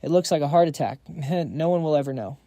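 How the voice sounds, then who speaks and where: A smug young villain in a recap story, full of mockery and smirking scorn, voiced by a male narrator. The voice sits a little high with a mellow tone. It is recorded dry and close. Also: animated, a little fast, no echo. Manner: mocking, smirking. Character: smug scheming young man, villain's son.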